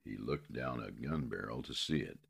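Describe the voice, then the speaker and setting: A man narrating a western novel in a steady, measured way. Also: extremely low pitch, vocal fry, husky.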